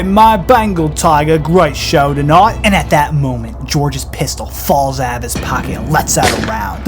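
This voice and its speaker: A young man telling a story in a casual podcast style, dramatic and full of swearing. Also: medium pitch.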